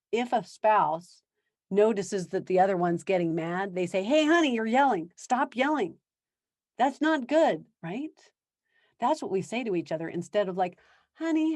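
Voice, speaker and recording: A woman with a lowish voice speaks as a parenting coach, earnest and chatty, with light laughs. The sound is dry and close. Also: darkish tone, dry recording. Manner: earnest, conversational, laughs often. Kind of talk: podcast talk.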